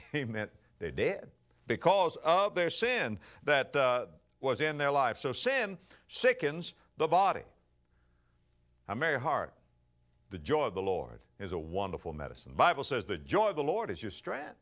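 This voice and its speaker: A middle-aged male pastor preaching a sermon, telling stories with acted-out voices and swinging between soft asides and loud bursts. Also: medium pitch, wildly swooping pitch, measured pace.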